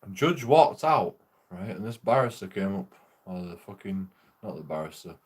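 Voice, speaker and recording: A man's voice: low voice, very animated, moderate pace, breathy edge. A young man chats loosely and swears freely. He rambles from one story to the next, laughing as he goes, in a casual streaming talk. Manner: sweary, rambling, laughs through his stories.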